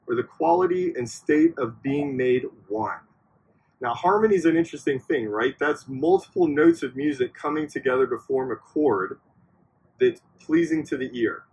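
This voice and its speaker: A man's voice: fairly high pitch, sing-song, moderate pace, a little hiss or hum, low-quality recording. A man giving a casual, conversational sermon to a youth group, often checking in with his listeners by asking "right?". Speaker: youth minister. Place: church backyard outdoors.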